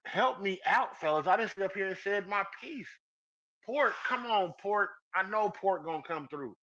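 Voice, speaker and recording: A man's voice: sits high, expressive, moderate pace, sharp tone, muffled recording. A man hosting a casual live podcast, teasing his listeners and calling them out by name, laughing often. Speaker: podcast host. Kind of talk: casual live-stream chat.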